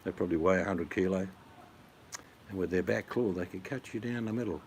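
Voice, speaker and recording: Middle-aged Australian man, low voice, rambling blokey chat with viewers, faint hiss behind. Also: brisk, a little mellow. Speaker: vlogger answering chat. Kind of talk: casual chat.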